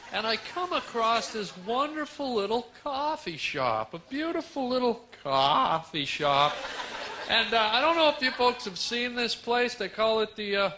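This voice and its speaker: A man's voice: sits high, sharp tone. A man performing a stand-up comedy set on stage, rambling in a mock-sincere way with absurd nonsense wordplay. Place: comedy stage before a live audience. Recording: live stage recording with audience noise.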